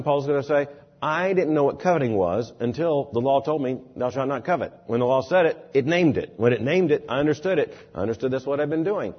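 A man preaching a sermon, expressive, dropping low and soft, then rising loud and emphatic. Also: husky, highs cut off.

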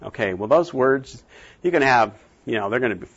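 Male classroom teacher, animated storyteller, mid pitch, slightly muffled recording. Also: brisk, breathy edge. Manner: animated, acts out scenes with big jumps in pitch. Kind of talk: classroom lecture on Bible translation.

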